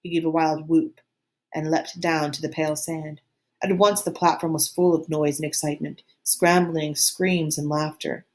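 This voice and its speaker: Teacher reading aloud, female, lowish voice, steady storybook narration. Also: moderate pace. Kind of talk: audiobook reading.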